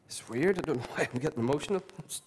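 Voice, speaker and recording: A man, a lead pastor preaching a sermon with impassioned, repetitive emphasis and quieter asides. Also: fairly high pitch, lively intonation, rapid-fire, slightly rough. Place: church hall.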